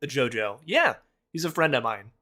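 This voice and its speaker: A man's voice: mid-range voice, very animated, moderate pace, pushed and bright. A man hosting a casual reaction video, blunt and mocking, swearing and laughing often. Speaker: host.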